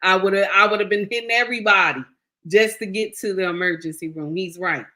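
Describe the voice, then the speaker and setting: With a bright, forceful mid-range voice and a slightly fast pace, a middle-aged woman shares a personal story on her vlog. She speaks directly to viewers, casually and emphatically, repeating phrases.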